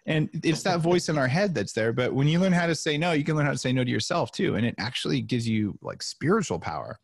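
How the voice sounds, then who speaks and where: A middle-aged man telling stories as a podcast guest, lively and acting out the voices of the people he quotes. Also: medium pitch, fairly quick, dry recording, clean studio sound. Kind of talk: animated storytelling interview.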